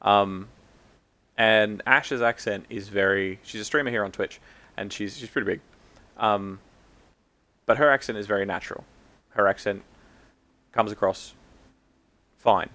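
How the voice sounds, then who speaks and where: A man's voice: fairly low pitch, bright, forceful tone. Rambling Australian man streaming. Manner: rambling, halting, many ums and restarts. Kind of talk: casual live-stream chat while gaming.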